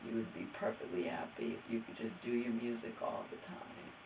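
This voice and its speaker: A woman's voice: a bass voice, normal speed, recorded from a distance, background noise. A woman vlogger venting her grievances in an aggrieved, exasperated way, stammering and restarting as she talks. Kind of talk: venting personal vlog.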